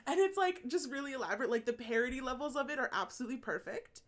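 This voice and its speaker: Woman, casual podcast chat, animated, laughs a lot, curses, slightly high voice. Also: fast. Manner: animated, laughing, swearing often.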